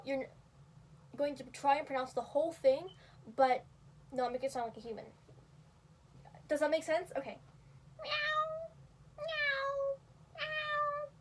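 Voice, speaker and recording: A woman's voice: high voice, darkish tone, distant mic, slight background noise. A young woman casually explaining how to make cat sounds, rambling with lots of fillers and small laughs at herself. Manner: rambling, filler-heavy, self-deprecating. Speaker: video creator teaching cat vocals. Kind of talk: casual tutorial talk.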